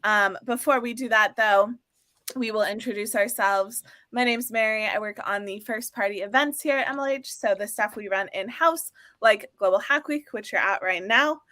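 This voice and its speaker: A woman's voice: medium pitch, moderate pace, bright, forceful tone, no echo. A woman co-hosting a live stream, chatting in a casual, upbeat way with lots of fillers. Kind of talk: casual chat. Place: home or office, working from New York.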